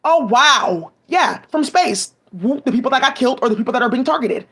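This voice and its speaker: A woman's voice: high voice, expressive, brisk, fairly bright tone, slightly rough. A woman giving rambling, profane commentary full of restarts, agitated asides and fillers, speaking into a home mic. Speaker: commentary vlogger.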